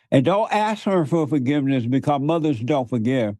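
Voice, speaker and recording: A man's voice: medium pitch, animated, moderate pace, few pauses, mellow, no echo. A man preaching in conversation, emphatic, repeating words for stress and laughing often. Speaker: guest preacher.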